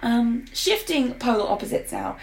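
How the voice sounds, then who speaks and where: A woman's voice: on the high side, expressive, normal speed, slight background noise. A woman with a sore throat co-hosting a podcast, chatting casually and animatedly about TV shows. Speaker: podcast co-host. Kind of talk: casual chat.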